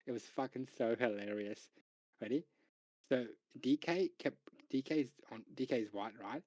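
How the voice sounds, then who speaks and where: A man streaming live, excitedly telling a board game story to friends in voice chat, repeating himself and laughing as he goes. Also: mid-range voice, measured pace, dry recording, low-quality recording.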